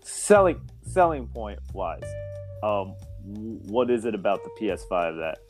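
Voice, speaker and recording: A man hosting a casual chat, teasing his guest and laughing often as he asks drawn-out questions. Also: fairly low pitch, sing-song, faint music behind.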